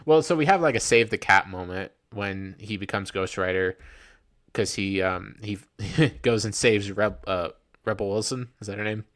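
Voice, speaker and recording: A young man with a fairly low, fairly bright voice co-hosts a podcast at a moderate pace. He chats casually about a movie in review style, rambling, restarting himself and throwing in mock quotes.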